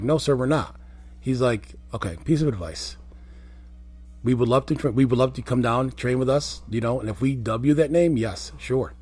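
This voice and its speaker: A man with a husky, breathy voice and a middle pitch, talking casually as an interview guest. He tells long stories and often stops to restart his sentences. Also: darkish tone. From Colombian and Puerto Rican family. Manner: storytelling, frequent fillers and restarts. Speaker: interview guest, former wrestler. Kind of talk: casual conversation.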